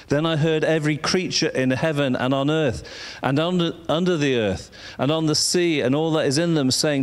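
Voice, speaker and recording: A man preaching a sermon, drawing words out for emphasis and sometimes dropping to a soft whisper. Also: on the high side. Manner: slow, drawn-out emphasis, dropping to a whisper at times.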